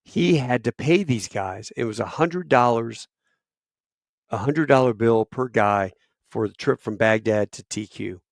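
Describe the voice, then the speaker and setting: A man in his fifties spins military stories with a loose, salty, animated delivery. His voice sits at an ordinary middle pitch. The sound is dry and close, with no room around it. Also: unhurried, creaky, no echo. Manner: animated, profane storyteller. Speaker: podcast guest, retired Marine officer. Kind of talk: casual war storytelling.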